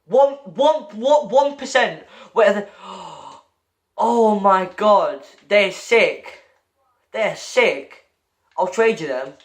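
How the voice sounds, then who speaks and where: A man giving excitable gaming commentary while chatting with a friend, stammering and repeating himself. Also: high-pitched, very slow, gravelly. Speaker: gamer opening loot crates.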